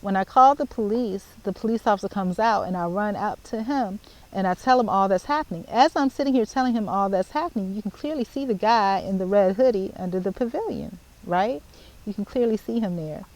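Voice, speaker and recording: A woman, telling a story to the camera in casual chat, animated and repeating herself as she spells out details. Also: medium pitch, brisk, rough recording. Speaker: vlogger.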